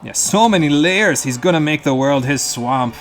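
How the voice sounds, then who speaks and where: A man's voice: fairly high pitch, lively intonation, moderate pace, slight background noise. A man streaming a game live, giving loose, joking commentary with frequent laughs and casual swearing. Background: faint game music.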